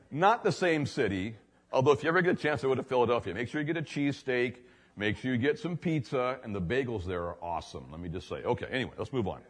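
A man's voice: mid-range voice, slightly rough. A male pastor telling a story in a sermon, chatty and conversational with lots of fillers. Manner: conversational, filler-heavy, tells anecdotes.

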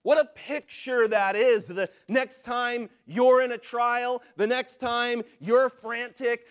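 A man preaching a sermon as a pastor, swinging from loud, driving lines to hushed ones and acting out the voices of people in his stories. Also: very high-pitched, smooth. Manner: acts out quoted voices in his telling.

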